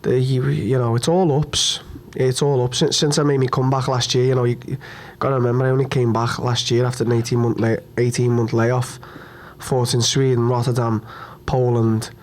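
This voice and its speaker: A man's voice: medium pitch, flat delivery, a little mellow. A young man, answering questions at a post-fight press conference, upset and hurt after a loss, blunt, stumbling over his words and swearing. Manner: blunt, repetitive, swearing, halting restarts.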